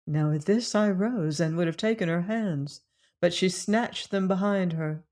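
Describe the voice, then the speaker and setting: A woman reading a classic adventure novel aloud in first person, measured and unhurried. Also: fairly low pitch, a little mellow. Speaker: audiobook reader.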